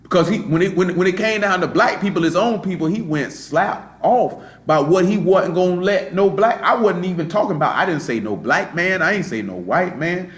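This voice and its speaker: A man preaching an informal sermon in loose street slang, telling stories and often checking in with "you know what I'm saying". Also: fairly high pitch. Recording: roomy live-stream sound.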